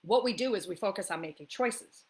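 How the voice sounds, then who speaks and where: An upbeat woman talks straight to camera in a relaxed coffee-talk chat. She coaches listeners in a friendly, chatty way, often checks in with a quick "right?" and slips into easy laughter. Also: medium pitch. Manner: laughs often while talking. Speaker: spiritual life coach. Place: the East Coast of the US.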